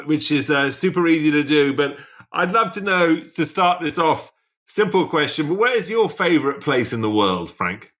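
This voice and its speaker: A man's voice: fairly high pitch, fairly bright tone. A man co-hosting a casual interview show, upbeat and teasing with the guest. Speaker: co-host.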